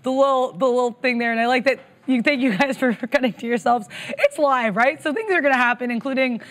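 A woman's voice: sits high, quick pace, a bit bright. A woman co-hosting a live trading stream, chatty and bubbly.

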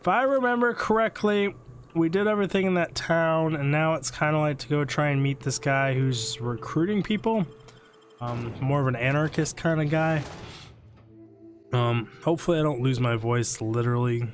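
Hoarse young man chatting over gameplay. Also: a little high, normal speed, background noise. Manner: rambling, self-deprecating chatter to viewers. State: sick and losing his voice. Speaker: gaming channel host. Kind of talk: casual gameplay commentary.

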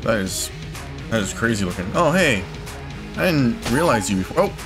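A young man giving casual gameplay commentary, swearing a lot and swinging into excitable, frustrated outbursts. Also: mid-range voice, normal speed. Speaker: gamer. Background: game music.

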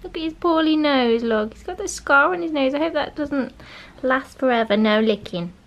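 A British woman at home, talking to her puppy in soft, cooing baby talk. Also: high voice, normal speed, muffled recording. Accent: British English.

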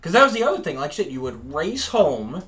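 A man's voice: fairly high pitch, sing-song, a little fast, a bit bright. A man co-hosting a podcast, rambling animatedly through childhood memories in casual chat with many fillers. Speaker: podcast co-host.

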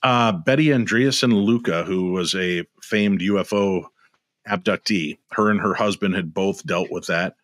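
A man's voice: low-pitched, unhurried, a bit bright, no echo, clean studio sound. A middle-aged man, a guest on a video-call interview, telling stories animatedly and acting out the dialogue. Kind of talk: storytelling interview.

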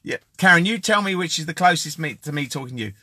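A man's voice: on the high side, lively intonation, fast talker, no echo. A man hosting a casual live-stream giveaway, joking and calling out viewers by name. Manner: jokey, chatty, shouting out viewers by name.

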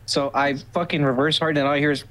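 A man's voice: on the high side, fairly even intonation, fast, noisy background. A man telling a comedic story on a podcast in a rambling way, restarting sentences and swearing a lot. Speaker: podcast co-host.

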